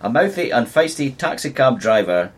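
Lively, animated man joking on a podcast. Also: mid-range voice, normal speed, husky. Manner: animated, jokey. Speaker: podcast co-host. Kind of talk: casual chat.

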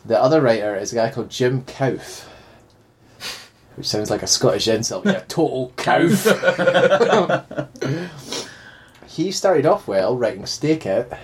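A man's voice: medium pitch, lively intonation, slow pace, pauses often. Dry-humoured man reading out film credits. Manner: dry, reads out film facts. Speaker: podcast co-host. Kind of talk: casual chat.

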